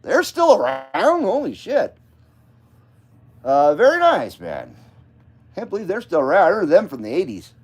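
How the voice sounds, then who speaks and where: A man with a fairly high voice hosts a casual late-night live stream, rambling from topic to topic. His talk is loose and sprinkled with profanity. He keeps breaking off to greet his viewers by name. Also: wildly swooping pitch, a little slow, long pauses, slightly rough. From Nevada, US.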